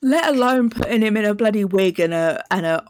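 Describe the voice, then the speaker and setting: British woman, podcast guest, mid-pitched, giggly, playful, dry close mic. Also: fairly quick, a little mellow, no echo. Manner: giggly, playful, does mock voices. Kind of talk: casual film review chat.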